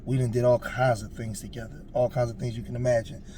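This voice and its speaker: A man's voice: medium pitch, little pitch movement, fast, dark tone, slight background noise. A man in his forties telling a personal story in a casual, earnest way, with emphatic, preachy asides. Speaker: storyteller on a street interview show.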